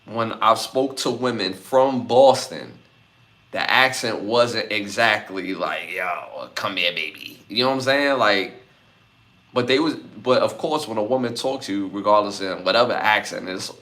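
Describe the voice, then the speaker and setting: A man's voice: on the low side, sharp tone. A man from Brooklyn, hosting a live podcast, reading out chat comments and repeating his lists. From Brooklyn, New York. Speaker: podcast host.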